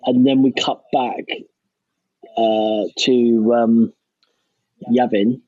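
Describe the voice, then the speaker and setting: A man's voice: mid-range voice, little pitch movement, extremely slow, dark tone, no room sound. A man co-hosting a podcast in casual, rambling chat, hesitant and full of restarts. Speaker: podcast co-host. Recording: dry, slightly dull lo-fi recording.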